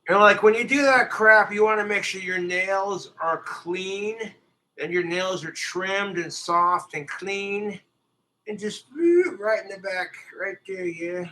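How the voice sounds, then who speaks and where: Forceful, crude ranting man. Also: high voice, fairly even intonation, measured pace, poor audio. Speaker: livestreamer. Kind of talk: livestream rant.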